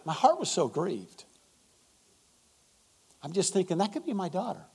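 A man delivers a sermon in church, weaving a personal story into his preaching. His fairly high voice rises and falls dramatically, sinking to near whispers before building into emphatic exhortation. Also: wildly swooping pitch, measured pace, gravelly, darkish tone, husky. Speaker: guest pastor.

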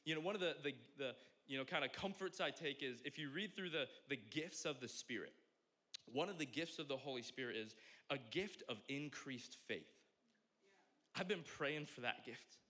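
A young man preaching a sermon as a pastor, telling stories in an animated way and acting out the voices. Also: medium pitch, moderate pace. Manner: animated storytelling, acts out voices.

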